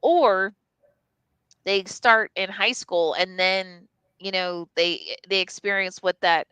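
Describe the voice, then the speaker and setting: A woman's voice: mid-range voice, steady tone, slow pace, sharp tone, clear, resonant tone, dry recording, rough recording. A woman telling a candid personal story on a live stream, casual and profane, full of "like" and restarts. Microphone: live stream mic.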